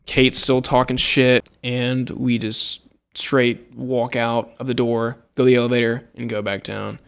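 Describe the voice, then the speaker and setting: A man's voice: medium pitch, level tone, measured pace, creaky, clear, resonant tone. A young man casually recounting a college dorm argument, exasperated, swearing freely and acting out what others said. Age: young adult. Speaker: college student telling a story. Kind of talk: casual storytelling to camera.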